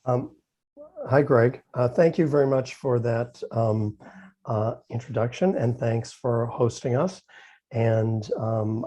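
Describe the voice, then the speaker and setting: A man's voice: medium pitch, dark tone. A man interviewing an author over a video call, hesitant with many ums and dry humor. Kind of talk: casual conversation.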